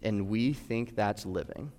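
A man's voice: lowish voice, unhurried, darkish tone. Earnest male preacher in reverberant hall. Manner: earnest, direct questions to listeners. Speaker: pastor. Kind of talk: sermon.

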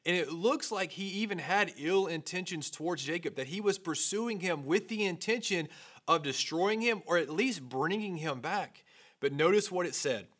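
Young male pastor, conversational sermon delivery, slightly high, bright tone. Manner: casual, conversational storyteller. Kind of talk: sermon opening with a personal story.

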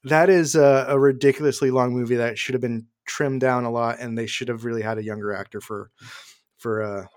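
A man's voice: mid-range voice, steady tone, brisk. A man co-hosting a casual movie podcast, laid-back and joking.

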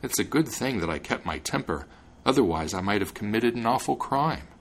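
A man voicing a stern, quick-tempered old father in a storybook reading. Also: lowish voice, lively intonation.

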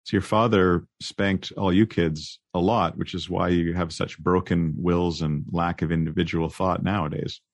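A man hosting a podcast, talking in a measured, wry and precise way, mixing casual chat with narration. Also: sits low, steady tone, no room sound. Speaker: podcast host.

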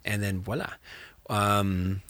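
Low-voiced man, animated chat. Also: takes it slowly, a little hiss or hum. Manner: animated, rambling, many fillers. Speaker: game master, podcast co-host. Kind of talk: casual chat.

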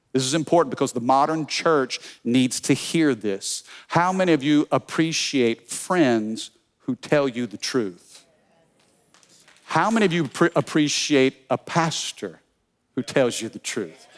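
A man preaching a sermon as pastor, energetic, telling funny stories and calling out to the congregation. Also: on the high side. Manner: energetic preaching with call-and-response; storytelling with humor.

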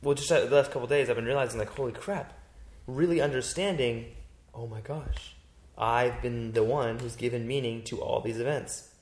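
A man hosting a casual talk, telling stories in an animated, rambling way and acting out his own thoughts. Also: mid-range voice, brisk. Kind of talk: casual chat. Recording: roomy echo.

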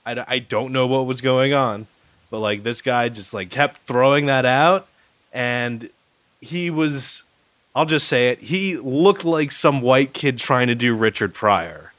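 A man's voice: mid-range voice, unhurried, a bit bright, no room sound. A man co-hosting a podcast, telling a rambling story in casual chat, full of fillers and restarts, swearing freely. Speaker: podcast co-host.

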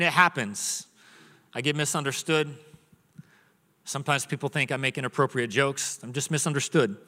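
A man in his thirties delivers a humorous sermon from the stage of a church auditorium. His voice sits a little high and rings bright, and it carries a long hall reverb. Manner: joking storyteller, acts out his son's voice. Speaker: pastor.

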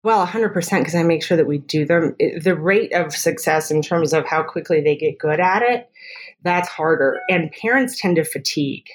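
In a podcast interview, a woman speech therapist walks through her methods, chatty and quick to offer examples. Her voice sits low.

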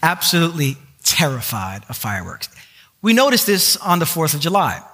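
A man preaching a sermon, telling a personal story in an animated way with self-mocking humor. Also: fairly high pitch, normal speed. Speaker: pastor. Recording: long reverb of a large hall.

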